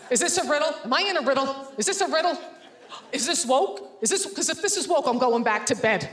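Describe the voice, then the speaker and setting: A woman doing a stand-up comedy set on stage, sarcastic, acting out quick bits of dialogue in front of a laughing audience. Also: on the high side, fairly bright tone, roomy sound.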